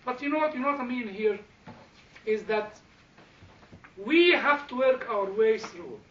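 A man's voice: extremely high pitch, expressive, measured pace, a bit bright, a little hiss or hum. A man leading an informal teaching talk for a church group, speaking animatedly, repeating words, chuckling and addressing listeners directly. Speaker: church discussion leader. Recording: echoey room, distant mic, dull sound.

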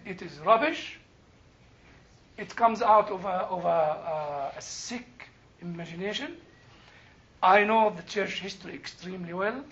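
High, bright older man teaching Bible class. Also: muffled recording. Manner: animated, laughing, rising to emphatic bursts. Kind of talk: classroom storytelling and Q&A.

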